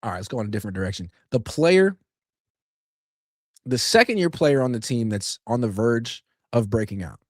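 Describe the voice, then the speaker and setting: A man hosting a sports podcast, giving opinionated solo commentary in an animated, sarcastic way that jumps louder for emphasis. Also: mid-range voice, normal speed, dry recording, studio quality.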